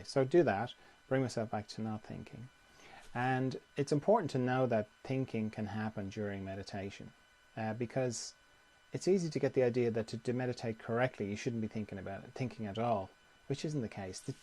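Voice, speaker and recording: Calm man teaching meditation. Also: medium pitch, a little fast. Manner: calm, conversational, repeats phrases. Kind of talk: guided meditation talk.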